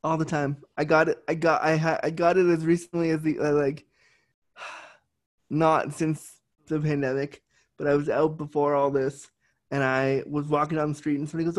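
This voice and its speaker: A man's voice: fairly high pitch, flat delivery, normal speed. A young adult man hosting a casual interview chat, candid and swearing freely. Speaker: podcast host.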